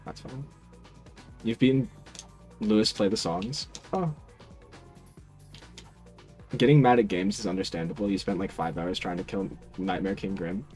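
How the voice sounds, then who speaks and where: A man's voice: low voice, a little slow, long pauses, a little mellow, faint music behind. A man streaming a video game, chatting casually with his viewers in a laid-back, dry, teasing way. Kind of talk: casual stream chat while gaming.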